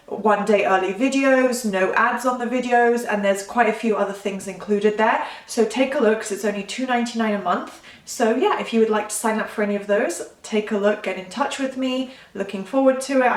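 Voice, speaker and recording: A woman's voice: mid-range voice, reverberant, recorded from a distance. A woman manifestation coach giving casual talking-head advice in a rambling, chatty way, often stopping to correct herself.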